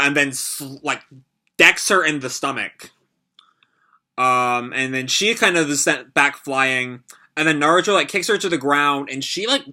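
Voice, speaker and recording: A man's voice: fairly high pitch, bright, forceful tone. A young man casually reading and reacting to a comic live, rambling with lots of fillers. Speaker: anime reaction host.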